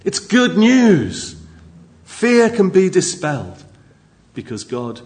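Taking his time, a high-pitched preacher delivers an emphatic, spirited sermon into a church microphone, turning now and then to address the congregation directly.

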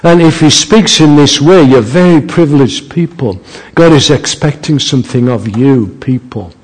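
A man preaching a sermon as a visiting speaker in a church, slow and emphatic, building to fervent climaxes. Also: medium pitch, husky. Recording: reverberant church hall.

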